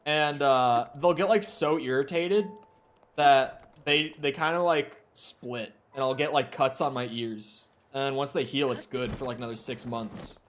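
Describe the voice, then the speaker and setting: A medium-pitched man, speaking a bit slowly, chats with viewers while he plays a game, with a little hiss or hum audible. He wanders from topic to topic, joking and laughing often. Headphones on, he talks into a headset or desk mic.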